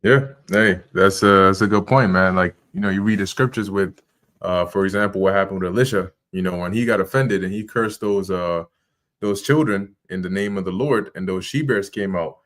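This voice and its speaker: A man's voice: deep voice, normal speed, fairly bright tone. A man co-hosting a religious podcast, reflecting aloud in a casual, hesitant way. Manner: reflective, thinking aloud, filler-heavy.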